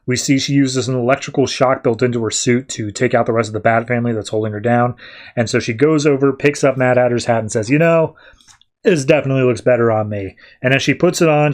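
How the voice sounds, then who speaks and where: A man's voice: mid-range voice, a little mellow. A man hosting a podcast, casually and loosely retelling a comic story. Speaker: podcast host.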